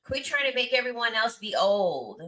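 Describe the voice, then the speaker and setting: A woman's voice: a little high, very animated, normal speed, bright, forceful tone. A woman in her thirties telling a story in casual chat, blunt, crude and mocking, laughing often. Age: 30s. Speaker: content creator.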